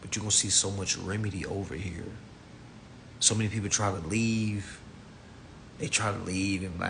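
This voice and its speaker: A man's voice: fairly even intonation, normal speed, vocal fry, long pauses, fairly bright tone, slight background noise. A man hosting an online class on a live stream, ranting bluntly and mockingly at his listeners. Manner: blunt, profane, mocking, mimics people in high voices. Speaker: online finance class host.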